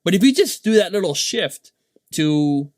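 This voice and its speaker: A man, a dad, telling a casual motivational story in a rambling, animated way, tagging his points with "right?". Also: high voice, a little slow, no echo. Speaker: vlogger and dad.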